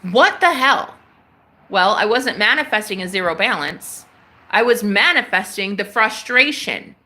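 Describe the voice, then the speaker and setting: Female streamer, bright tone, animated storyteller, casual spiritual chat. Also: mid-range voice, moderate pace. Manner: animated, acts out phone calls in quoted voices. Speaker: livestream host.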